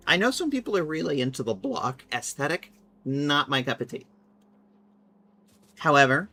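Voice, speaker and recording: Animated, chatty woman streaming a game. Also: rumbling low. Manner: chatty, thinking aloud while playing. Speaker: livestreamer. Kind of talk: casual gaming live stream chat.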